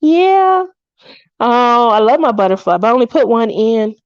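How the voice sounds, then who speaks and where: A woman's voice: fairly high pitch, steady tone, fairly quick, clean tone, no echo, lo-fi sound. A woman in her fifties hosting a craft livestream, chatting casually and telling stories with frequent laughs, acting out what people said. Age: 50s. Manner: chatty storyteller who laughs often and acts out quotes.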